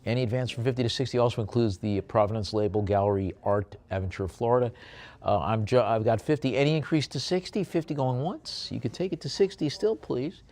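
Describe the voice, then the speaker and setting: In an auction room, a man works as an auctioneer, calling bids and describing artwork lots. His voice is medium-pitched with a darkish tone and a brisk pace, and he slips chatty, jokey asides between calls.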